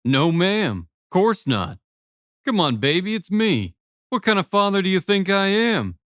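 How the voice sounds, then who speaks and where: A brash, boastful father ribs his friend in a loud, raised voice, as a man reading an audiobook plays him. His sarcasm is boisterous and the sound is dry and close. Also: high-pitched, sing-song, unhurried, no room sound, pitched above the performer's own voice, heavily acted.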